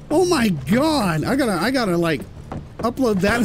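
A British man giving excitable let's-play commentary and swearing when surprised. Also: high-pitched, moderate pace, background noise. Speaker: gameplay commentator.

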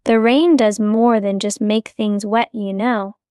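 A woman voicing a wise, kind male frog who speaks gently and mysteriously in a storybook. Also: medium pitch, steady tone, a little slow, dry recording, studio quality, close to an everyday voice. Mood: gentle. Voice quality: croaky.

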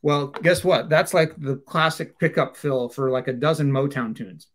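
A man teaching drums in a relaxed chat, humming out beats between his words. His pitch sits in the middle. Steady noise hisses behind him. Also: moderate pace. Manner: explains with sung drum sounds, many fillers. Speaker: drum teacher. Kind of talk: casual chat.

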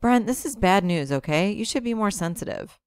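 A woman's voice: medium pitch, lively intonation, a little fast, darkish tone, smooth, dry recording, clean studio sound, voice pushed up, natural voice. A woman reading aloud and voicing a sensible teenage boy who talks in a firm, matter-of-fact way.

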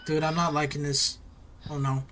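A woman's voice: low voice, little pitch movement, moderate pace. A woman narrating her own horror game play, nervous and pleading, talking in slang. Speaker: gamer. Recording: noisy recording.

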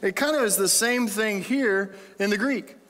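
Bright high-voiced pastor preaching. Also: male voice, moderate pace. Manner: conversational, playful, asks the congregation questions. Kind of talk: sermon. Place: church sanctuary. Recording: long hall reverb in a church.

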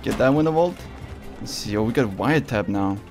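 Excitable man narrating his gameplay. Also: mid-range voice, brisk, faint music behind. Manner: excitable, swears often, talks to the opponent. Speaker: gaming video creator. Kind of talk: casual gameplay commentary.

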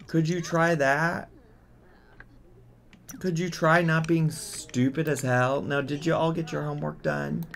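An exasperated man narrating his game in a slow, unhurried way, his voice gravelly with creak. He talks casually and keeps scolding the characters on screen, with faint keyboard clicks behind him. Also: fairly high pitch, slight background noise. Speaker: gaming streamer. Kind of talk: casual let's-play commentary.

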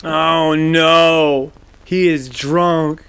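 A man hosting a casual movie reaction, talking in an excitable, slangy way, swearing and calling out at the screen. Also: a little high, drawn-out words, clear, resonant tone.

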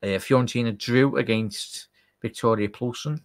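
A man hosting a live football watchalong, chatting to viewers and reacting excitedly to the play. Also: medium pitch, moderate pace. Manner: excitable, chatty, addresses chat directly. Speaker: watchalong host.

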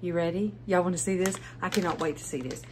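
A woman's voice: on the low side, fast, a little mellow, a little hiss or hum. A woman, chatting casually at home in a haul vlog, bubbly and gushing to her viewers. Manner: bubbly, gushing, talks straight to viewers as "y'all". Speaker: vlogger. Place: at home, indoors.

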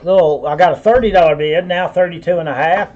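A man's voice: on the high side, fast talker, a little mellow, highs cut off, slight background noise. A man hosting a live online auction, calling bids over and over with folksy asides. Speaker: auctioneer and host.

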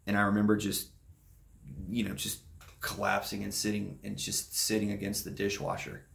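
A young man vlogging, softly telling a painful personal story with halting pauses and restarts. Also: lowish voice, monotone, vocal fry, slight background noise. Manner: soft-spoken, halting and emotional.

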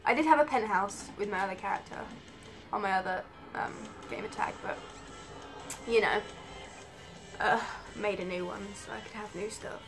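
A woman gamer giving live commentary on her own play, excitable and swearing at rival players. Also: medium pitch, normal speed, pauses often, over music.

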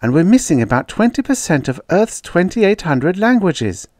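A man voicing a frustrated, sharp-tongued woman linguist, lifting his voice high and snapping out her lines. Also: sing-song, normal speed, no room sound, clean studio sound. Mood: exasperated. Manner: raised, snappish.

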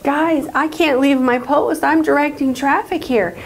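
A woman puts on a jumpy male traffic cop in a storybook tale, his voice shooting up high and thin as he exclaims. Faint hiss sits under the voice. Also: steady tone, a little slow. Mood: alarmed. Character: flustered male traffic officer at his post.

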